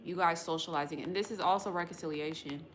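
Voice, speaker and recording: This West Coast American woman talks fast in a lowish voice while running her tarot livestream. She rambles with viewers in slangy, loose chat and swears casually, and there's a little noise in the background.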